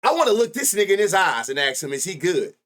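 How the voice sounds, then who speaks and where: A man runs a sports betting livestream and talks loosely to his chat, full of slang and swearing. His pitch swings widely, jumping high when he gets worked up. He sits close to a desk mic. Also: fast. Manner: loud excitable outbursts, heavy profanity, slangy. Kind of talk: casual live-stream chat.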